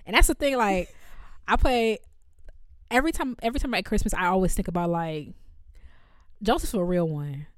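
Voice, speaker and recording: A young woman chats as a podcast co-host at a middling pitch. She tells stories with lots of energy and laughs often. Her voice is recorded dry and close, with no room sound. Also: normal speed, long pauses, no room sound. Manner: animated storytelling, laughs often, acts out voices. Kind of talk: casual chat.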